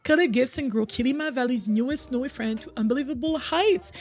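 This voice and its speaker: A woman's voice: sits high, fairly quick, hardly any pauses, a little mellow, faint music behind. A young woman streaming a game and chatting casually with her viewers, getting over a cold. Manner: chatty, reads and answers chat, hums and sings bits. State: recovering from a cold.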